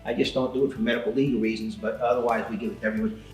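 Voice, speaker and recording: A man's voice: medium pitch, steady tone, very fast, darkish tone, reverberant, faint music behind. A man giving a casual, chatty seminar talk with slides and putting questions to the audience. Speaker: seminar speaker.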